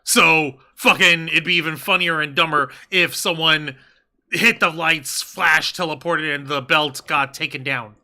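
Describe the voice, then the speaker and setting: A man co-hosting a loose wrestling review show. His voice is very bright and sharp and sits a little high. He rambles, trips over his words and swears freely. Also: fairly even intonation, measured pace. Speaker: podcast co-host. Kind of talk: casual wrestling review chat.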